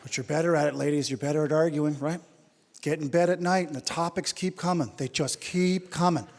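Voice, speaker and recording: A man from Newfoundland, Canada, doing animated stand-up comedy on a theater stage and talking straight to the crowd through a handheld mic. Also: a little high, a little fast. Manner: animated storytelling, addressing the crowd. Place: theater stage before a live audience. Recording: theater reverb, audience noise.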